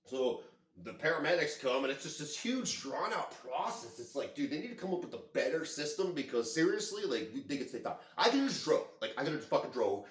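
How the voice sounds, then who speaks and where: A man telling a story to his camera in a casual, rambling, excitable way, full of swearing. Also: fairly high pitch, a little fast. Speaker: vlogger. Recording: echoey room.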